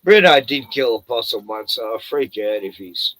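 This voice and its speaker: A man's voice: mid-range voice, expressive, moderate pace, fairly bright tone, dry recording. A man chatting casually on a home stream, crude and joking, swearing freely. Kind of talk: casual chat. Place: home at night, door open to yard.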